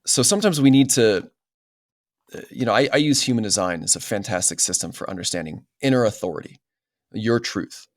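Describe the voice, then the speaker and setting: A man's voice: on the low side, lively intonation, fairly quick, no echo, studio quality. A man as a podcast guest, talking in an earnest, explanatory way and often checking in with "right?". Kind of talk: casual interview talk.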